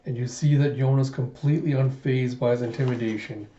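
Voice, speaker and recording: A man retells a comic in an animated, casual way, quoting the characters with "he's like." His mellow, dark voice sits in a roomy space on a dull recording. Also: medium pitch, fairly quick. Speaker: manga reviewer.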